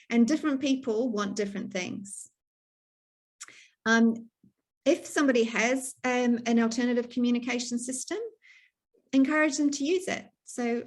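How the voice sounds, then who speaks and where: A woman's voice: on the high side, fairly even intonation, normal speed, a little mellow. A middle-aged woman from New Zealand, a speech pathologist, giving an online talk to a stroke support group in a plain, practical way with fillers and restarts, over a video call.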